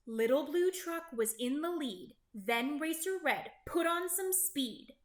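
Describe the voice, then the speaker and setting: A woman reading a children's picture book aloud in an animated, sing-song way. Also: high voice, slow. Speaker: storybook reader. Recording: roomy echo.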